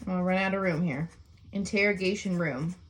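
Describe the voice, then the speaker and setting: A woman's voice: on the low side, moderate pace. A woman teacher explaining sentence types in a recorded lesson, often checking in with "okay?" and "right?".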